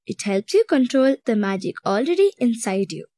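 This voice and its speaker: A woman's voice: fairly high pitch, sing-song, moderate pace, no echo, studio quality. A woman reading as a kind fairy school principal. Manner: warm, gentle and firm.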